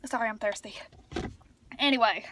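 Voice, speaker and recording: High, bright-voiced woman vlogging. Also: moderate pace, a little hiss or hum. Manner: chatty, rambling, excitable. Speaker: vlogger reviewing a film. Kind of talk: casual chat. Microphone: phone camera.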